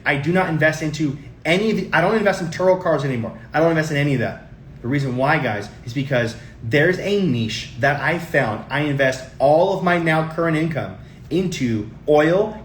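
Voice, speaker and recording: A man's voice: fairly high pitch, a little hiss or hum. Emphatic man, roomy echo. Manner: emphatic and repetitive, often addresses viewers as guys. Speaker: show host giving tax and investing tips. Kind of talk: casual talk to camera.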